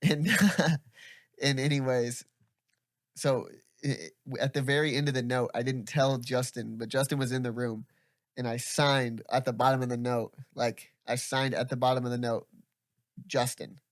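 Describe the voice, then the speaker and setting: A man's voice: medium pitch, flat delivery, normal speed, no echo, clean studio sound. A young man hosting a podcast, telling stories in casual chat, rambling with lots of laughs and swearing. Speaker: podcast host.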